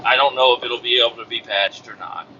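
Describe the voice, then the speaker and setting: A man's voice: medium pitch, fairly even intonation, fast, bright, forceful tone, lo-fi sound, slight background noise. A man who drives trucks and hosts a podcast, telling a profane, exasperated story about his workday in a casual rant.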